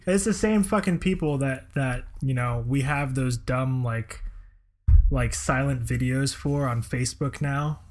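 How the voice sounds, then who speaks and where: A man's voice: medium pitch, a little slow. A man co-hosting a podcast, chatting casually and making wry, laid-back asides. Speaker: podcast co-host. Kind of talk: casual chat.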